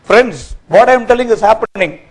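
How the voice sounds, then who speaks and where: A man gives a corporate training talk from a workshop stage, lively and quizzing his audience. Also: sits high, brisk, low-quality recording. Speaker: workshop speaker.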